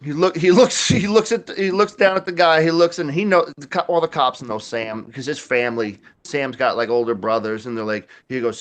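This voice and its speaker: A man's voice: a little high, fairly quick, few pauses. A man, telling a rambling, profane story in casual chat, laughing often. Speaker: podcast host.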